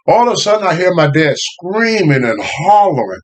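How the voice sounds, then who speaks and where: An older man, telling family stories in a casual, animated way, often laughing. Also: on the high side, brisk, few pauses. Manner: animated, laughing, Southern US phrasing. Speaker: guest storyteller. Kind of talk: casual storytelling.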